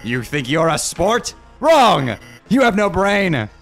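A man reads AI-written game dialogue out loud, laughing and reacting as he goes. His voice sits high and gravelly, and he takes it slowly, leaning into the jokes. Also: faint music behind. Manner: laughs often, jumps between deadpan reading and loud outbursts. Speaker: streamer reading AI-written game dialogue aloud. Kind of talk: casual comedic reading and reacting.

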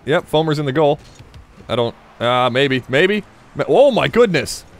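A man with a slight Southern US accent giving rambling, self-mocking commentary while playing a game, breaking into sudden excited yelps. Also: a little high, unhurried. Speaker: gaming YouTuber. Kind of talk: casual gameplay commentary.

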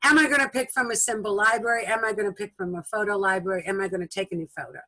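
A woman giving a patient step-by-step software tutorial over a video call, often repeating steps and checking in with her listeners. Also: medium pitch, racing, no room sound, poor audio. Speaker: instructor. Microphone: video call recording.

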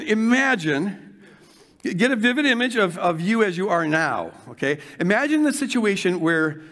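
An older man preaching a sermon, moving from fervent shouting to hushed guided imagining. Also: on the high side. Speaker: pastor.

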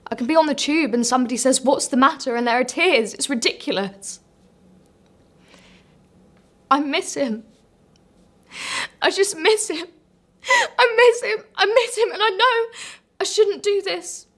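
A grieving woman. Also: sits high. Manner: halting, emotional, rising to raw outbursts. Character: grieving woman, raw with loss and rage. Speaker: actress. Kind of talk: dramatic monologue.

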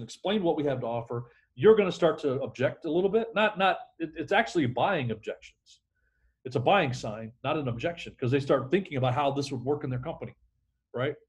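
A middle-aged man, a sales trainer, talking energetically in a podcast interview and acting out phone calls. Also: a little high.

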